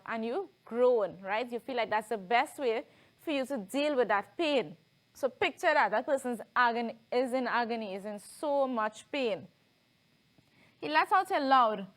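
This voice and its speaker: A woman with a Trinidadian accent teaching a televised lesson, explaining step by step and often checking in with "right?". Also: a little high.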